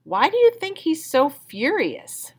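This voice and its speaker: A woman's voice: high-pitched, wildly swooping pitch, a little slow. A woman teacher reading a picture book aloud and patiently explaining words step by step.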